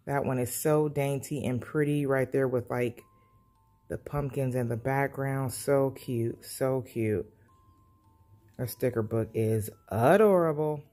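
A woman's voice: very deep voice, takes it slowly, warm tone, faint music behind. A woman gushing through a casual sticker book review for her planner channel at home. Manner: gushing, enthusiastic, repeats praise. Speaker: planner vlogger.

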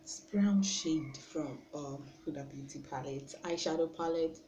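A young Nigerian woman talks slowly and chattily as she does her makeup on camera. She is a little self-conscious and often lets her words trail off softly. The room is roomy and echoey, with a faint hiss behind her. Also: deep voice. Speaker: beauty vlogger. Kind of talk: casual makeup tutorial chat. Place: room at home. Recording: roomy with faint background noise.

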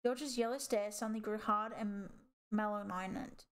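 A woman reading a children's animal novel aloud as audiobook narration in a steady storytelling way. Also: medium pitch, measured pace. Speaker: audiobook reader.

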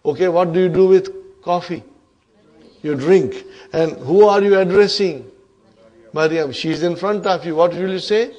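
Slow-speaking man teaching a class. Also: sits high, darkish tone, lo-fi sound. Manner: questions the class often, checks with "huh?" and "are you with me?". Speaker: Arabic teacher. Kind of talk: classroom grammar lesson.

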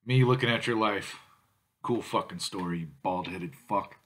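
Angry cussing guy ranting at his haters on a beer vlog, kinda low voice. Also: normal speed, a bit bright. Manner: angry, foul-mouthed, insulting. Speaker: malt liquor drinking vlogger.

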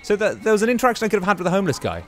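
A man's voice: high-pitched, big pitch swings, racing, a bit bright, a little hiss or hum. A man giving casual commentary as he plays a video game, chatty and full of exclamations. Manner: chatty, exclaims and muses aloud while playing. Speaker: gaming YouTuber.

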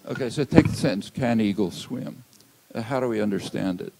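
Older male lecturer, low creaky voice, halting delivery, faint hiss. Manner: measured, halting, many "uh" fillers. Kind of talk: academic lecture. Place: lecture hall. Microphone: handheld or lectern mic.

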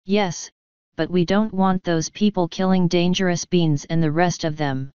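A woman's voice: fairly low pitch, steady tone, a little slow, darkish tone, smooth, no room sound, lo-fi sound, natural voice. A cautious worried boy, as a woman reads him. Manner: hesitant, worried, plain-spoken. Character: earnest, cautious young human boy. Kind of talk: audiobook character voice.

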